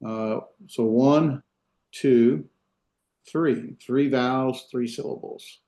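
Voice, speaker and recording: A man teaching a class, talking through each point step by step with plenty of "uh"s and restarts. His voice is mellow and relaxed, at an ordinary middle pitch. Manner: unhurried, many fillers and restarts, explains step by step. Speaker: Hebrew instructor. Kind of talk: classroom lecture. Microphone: video call.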